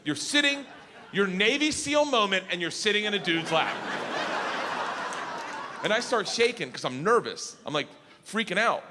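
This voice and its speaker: Loud, animated middle-aged comedian on a live stage. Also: male voice, high-pitched, moderate pace, long pauses. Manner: loud, animated, shouting punchlines over crowd laughter. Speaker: stand-up comedian. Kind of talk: stand-up storytelling. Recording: live stage recording with audience noise.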